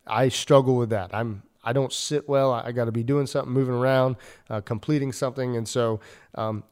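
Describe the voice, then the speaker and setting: A man's voice: mid-range voice, a little mellow, clean tone. A man, a ministry leader, preaching in an earnest, conversational way with many fillers and restarts. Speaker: ministry leader and podcast host. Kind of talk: casual preaching.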